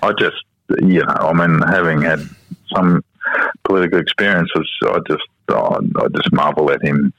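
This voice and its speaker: A man in his fifties with an Australian accent, talking as a podcast guest and telling family stories, sometimes mimicking his small children in a high voice. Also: steady tone, normal speed, no room sound. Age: 50s. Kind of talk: casual interview chat. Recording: slightly dull podcast audio.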